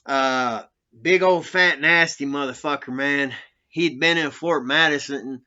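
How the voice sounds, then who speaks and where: Profane man with a bright, sharp voice. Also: on the high side, a little slow. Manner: profane, laughing, rambling. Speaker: former prisoner telling stories. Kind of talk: casual storytelling. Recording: dull lo-fi recording.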